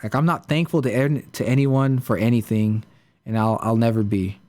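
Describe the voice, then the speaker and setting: A man's voice: medium pitch, steady tone, moderate pace, a little mellow. A man hosting a podcast, retelling a story in a casual, rambling way full of fillers and restarts. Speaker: podcast host.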